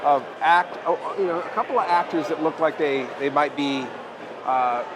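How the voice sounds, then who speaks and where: A man hosting a horror movie show, rambling through comedy banter in a halting, jokey way. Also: fairly high pitch, background noise. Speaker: horror host.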